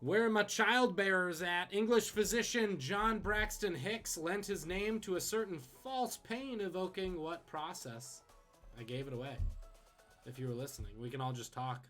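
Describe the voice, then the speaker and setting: Male trivia host, slightly high voice, wisecracking quiz-reading delivery, soft music underneath. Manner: joking, quick wisecracking asides. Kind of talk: live-streamed trivia quiz.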